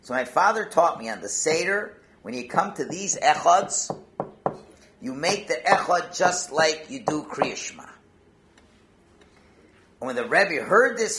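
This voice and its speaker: A man, a rabbi, giving a Torah talk, telling a Hasidic story and peppering it with Yiddish and Hebrew words, his volume swinging from hushed to loud. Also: fairly high pitch, expressive, a little slow, slight background noise.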